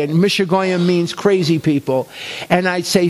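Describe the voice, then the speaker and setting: A man's voice: high-pitched, a little slow. Earnest man. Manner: earnest, emphatic repetition. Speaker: speaker telling his life story. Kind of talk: personal storytelling talk.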